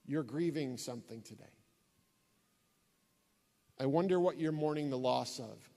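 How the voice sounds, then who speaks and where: A man's voice: medium pitch, measured pace, vocal fry, pauses often, dark tone, long reverb tail. A man giving an earnest sermon-style talk to a church audience, telling stories and repeating key phrases for emphasis. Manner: earnest storytelling, emphatic repetition. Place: church hall before an audience.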